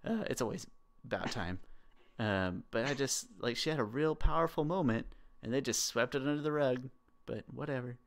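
A young man co-hosting a podcast, giving rambling, opinionated takes that often trail off quietly. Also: mid-range voice, moderate pace. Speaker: podcast co-host. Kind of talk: casual podcast chat.

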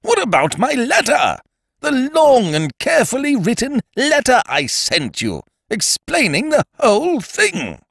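A man voicing an excitable, blustering young English schemer who stammers and bursts out indignantly. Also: very high voice, unhurried, gravelly, no echo, studio quality, voice pushed up, heavily acted.

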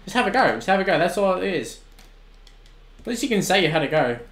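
Excitable Australian streamer in his twenties. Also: high-pitched, fast talker, echoey room. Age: 20s. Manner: excitable, swings from shouting at the game to relaxed chat. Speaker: gaming streamer. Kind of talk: live-stream commentary and chat replies.

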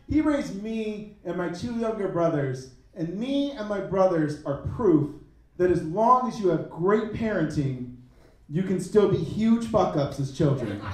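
A man in his thirties performing a stand-up comedy set on a club stage, animated and jumping up in pitch for punchlines. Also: very echoey, distant mic, low-quality recording. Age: 30s.

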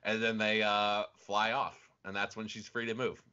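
A man's voice: lowish voice, flat delivery, moderate pace, pushed and bright, clear, resonant tone. A man co-hosting a podcast, casually retelling strange stories with laughs and restarts. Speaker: podcast co-host. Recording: dull lo-fi sound.

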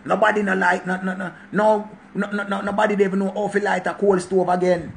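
A man's voice: high voice, level tone, fairly quick, vocal fry, a little hiss or hum. A man in his forties from Jamaica with a Jamaican accent, delivering a preachy, emphatic monologue that repeats points for stress. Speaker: channel host. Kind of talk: casual monologue rant.

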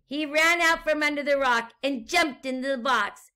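A woman teacher reading a storybook aloud to young children and asking them gentle questions. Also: sits high. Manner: gentle, slow, questions to the listener.

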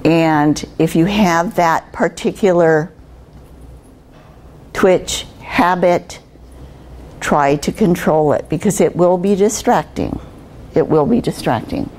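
Slow, conversational older woman. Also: lowish voice, a little mellow. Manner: conversational, asks the audience rhetorical questions. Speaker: guest speaker on communication skills. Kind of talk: workshop talk to students.

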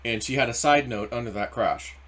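A man hosting a casual crypto market commentary, rambling and animated, acting out quoted voices as he goes. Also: medium pitch, brisk. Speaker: crypto video host.

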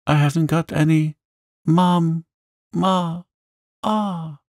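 A man's voice: fairly even intonation, extremely slow, no room sound, studio quality. A man voicing a small, spoiled girl who wails and sobs in a storybook reading. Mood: wailing. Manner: high wailing sobs.

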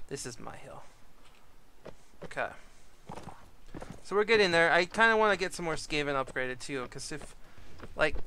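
Chatty gaming man, a bit high. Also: slight background noise. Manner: chatty, laughs often, yells at his troops. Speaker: gaming YouTuber. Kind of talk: casual gameplay commentary.

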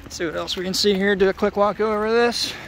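A man's voice: high voice, fairly even intonation, quick pace, a bit bright, a little hiss or hum. A man, a roofer, walks over a roof outdoors and explains in a folksy, plainspoken way what is wrong with it. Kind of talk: casual walkthrough explaining roof faults.

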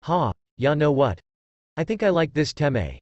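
A man's voice: a little high, sing-song, measured pace, a little mellow, no echo, dull audio. A man voicing a sadistic, mocking female ninja. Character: sadistic, brash female ninja, adult woman.

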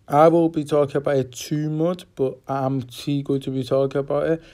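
A man giving a casual, rambling boxing fight preview, swearing often and halting with many fillers. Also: a little high, flat delivery, mellow.

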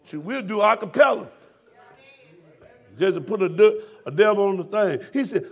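Pastor, high gravelly voice, fiery shouting sermon style. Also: male voice, animated, normal speed, long pauses. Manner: fiery, preaching with shouted questions to the congregation. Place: church sanctuary.

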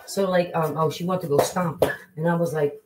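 Low-voiced chatty mom on a livestream. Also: female voice, fairly even intonation, moderate pace, darkish tone, soft background music, poor audio. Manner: chatty storytelling, greets viewers by name. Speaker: livestream host and mother. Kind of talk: casual live chat.

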